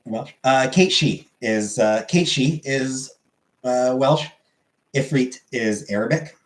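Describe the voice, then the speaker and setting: Rambling man in an echoey room. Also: medium pitch. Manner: rambling, halting with many fillers. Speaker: streamer. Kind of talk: casual chat reading viewer comments.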